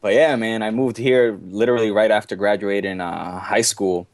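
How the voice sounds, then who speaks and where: A man's voice: on the low side, steady tone, normal speed, a little mellow, no echo. A man in his twenties from Boston, guesting on a podcast, laid-back and rambling. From Boston, USA. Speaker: guest athlete. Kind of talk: casual podcast chat.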